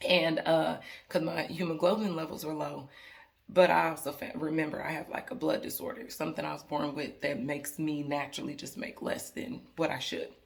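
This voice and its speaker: A woman's voice: sits low, flat delivery, moderate pace, creaky. A woman vlogger talking casually and earnestly to her viewers, rambling with frequent restarts as she speaks to them directly. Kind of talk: casual talk to camera.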